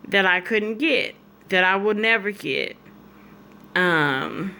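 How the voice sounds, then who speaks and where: A woman speaks slowly and from the heart, sharing a deeply personal story with her viewers. Her voice has a bright but gravelly edge, and she is fighting back tears. A faint hiss sits under the recording. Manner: slow and heartfelt. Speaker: vlogger.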